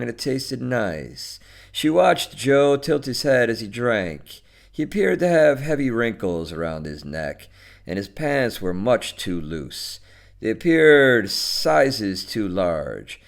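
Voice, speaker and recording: A man narrating a short story in a slow and expressive manner. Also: lowish voice, creaky.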